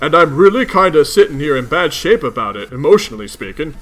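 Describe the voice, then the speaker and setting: Lovesick teenage troll from a man, stammering, mopey, higher pitch. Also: very animated, fairly bright tone, soft background music. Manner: halting, self-pitying.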